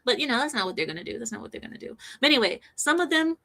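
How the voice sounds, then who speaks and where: Bright-voiced woman ranting with laughter. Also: fairly high pitch, rapid-fire, vocal fry. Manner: animated, breaks into frequent laughter; sarcastic, mocking. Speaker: vlogger. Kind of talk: opinionated commentary monologue.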